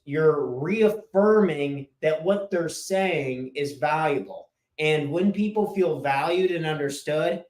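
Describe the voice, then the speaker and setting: A man's voice: fairly high pitch, a little mellow. Upbeat man coaching in an echoey room. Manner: casual, emphatic, drops tone at sentence ends. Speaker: business and life coach. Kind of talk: solo podcast talk. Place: room with chalkboard.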